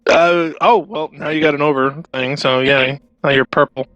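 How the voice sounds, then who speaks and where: A man's voice: a little high, steady tone, normal speed, fairly bright tone, dry recording, highs cut off, faint music behind. A man co-hosting a live game stream, joking around and reading out chat comments.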